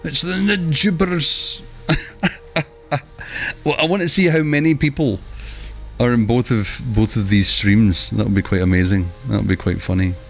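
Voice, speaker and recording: A man giving chatty live commentary while streaming a video game, breaking into excitable exclamations. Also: on the low side, normal speed, vocal fry, long pauses, soft background music.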